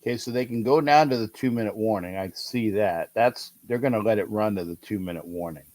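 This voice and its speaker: A middle-aged man hosting a livestream, calling a football game and answering chat, excitable and repeating himself as he urges his team on. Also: lowish voice, brisk. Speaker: livestream host. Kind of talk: live game-watch commentary with chat.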